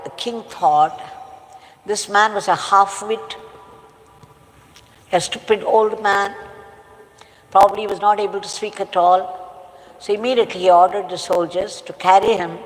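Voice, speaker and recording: A woman, a spiritual teacher telling a parable slowly and emphatically. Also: medium pitch, in a large hall, poor audio. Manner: slow, deliberate, emphatic storytelling. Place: ashram hall.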